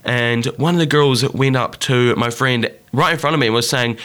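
A man hosting a solo podcast, talking earnestly and passionately and climbing higher in pitch when he gets worked up. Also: moderate pace, a bit bright, smooth. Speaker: podcast host.

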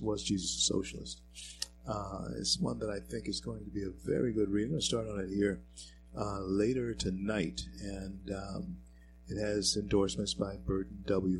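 Low-voiced man preaching political commentary. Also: low-quality recording. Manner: preachy, rises to loud emphatic bursts; reads quotes aloud with fillers and restarts. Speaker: show host.

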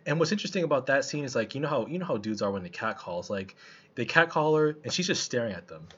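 A man with a husky voice gives a casual film review, loose and colloquial, stumbling through restarts and fillers. The recording is a bit muffled and lo-fi, the highs dulled. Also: lively intonation, fast, a bit bright.

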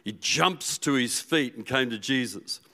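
A man preaching a sermon as pastor, telling the story with animation and swinging from loud to hushed. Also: medium pitch, lively intonation, a little slow.

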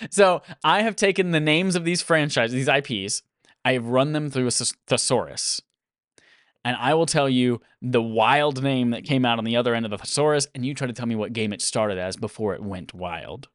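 Seorang pria membawakan kuis dalam obrolan podcast santai, sering tertawa dengan gaya yang hidup. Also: male voice, medium pitch, normal speed, dry recording, studio quality. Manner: lively, laughs often, animated delivery. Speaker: podcast host. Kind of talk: casual podcast chat, running a quiz game.

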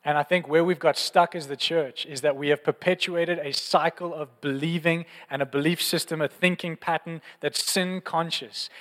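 A man's voice: on the high side, fairly bright tone, in a large hall. A man preaching a sermon in an earnest, passionate, conversational way, often repeating phrases. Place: church.

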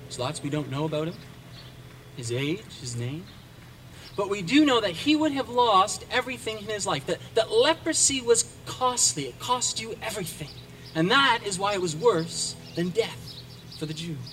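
A man preaching a sermon, retelling a story with dramatic shifts in pace and loudness. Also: sits high, lively intonation, moderate pace, slight background noise. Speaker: pastor.

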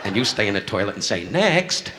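A man's voice: fairly low pitch, very animated, fairly quick. A man doing live insult comedy, brashly heckling people in the audience. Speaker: stand-up comedian. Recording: noisy 1960s live club recording. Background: audience laughter.

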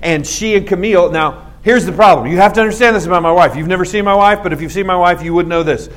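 A man's voice: high voice, fast talker, a bit bright. A man in his forties preaching to a young audience, telling a story with comic self-mockery and acting out the scenes. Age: 40s. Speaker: youth speaker. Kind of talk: storytelling sermon.

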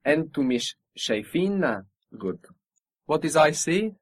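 A man's voice: on the high side, very animated, fast talker, no echo. A man teaching a spoken language lesson, patiently modelling pronunciation and encouraging his student.

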